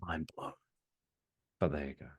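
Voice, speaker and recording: A man's voice: rumbling low, unhurried, slightly rough, no echo, studio quality. A man co-hosting a podcast, chatting casually and telling rambling stories with plenty of swearing. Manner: animated, rambling storyteller who swears. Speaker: podcast co-host. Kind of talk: casual chat.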